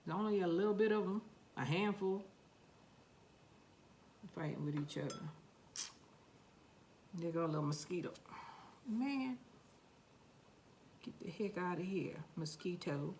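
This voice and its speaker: A woman with a New York accent talks her way through planting seeds in a casual, playful gardening vlog, chatting to herself and even to the seeds. Her voice sits on the low side. A faint background noise runs under the recording. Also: measured pace, long pauses. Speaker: gardening vlogger. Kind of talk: casual gardening vlog, talking while working.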